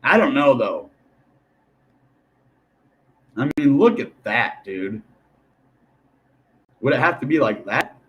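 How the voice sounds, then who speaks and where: A young man talking casually to viewers about crypto charts, rambling and animated, often calling them guys and dude. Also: mid-range voice, slow pace, long pauses, lo-fi sound. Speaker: crypto YouTuber. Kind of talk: casual chart commentary to camera.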